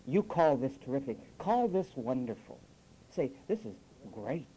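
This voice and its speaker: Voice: medium pitch, big pitch swings, unhurried, mellow, slight background noise, pitched below the performer's own voice, poor audio. A preacher voicing the devil, mocking and contemptuous as he taunts a believer.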